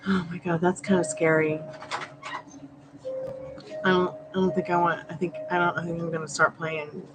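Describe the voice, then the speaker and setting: A woman's voice: lowish voice, little pitch movement, moderate pace, music in the background, low-quality recording. A woman doing a live tarot reading, chatting and rambling with viewers, laughing often. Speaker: tarot reader. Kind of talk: live-stream chat with viewers.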